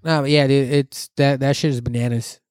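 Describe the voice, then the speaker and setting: A young man from Southern California, chatting casually on a podcast, loud and profane as he tells stories. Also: medium pitch, fairly quick, clear, resonant tone, dry recording, studio quality. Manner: loud, profane, animated storytelling. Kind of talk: casual chat.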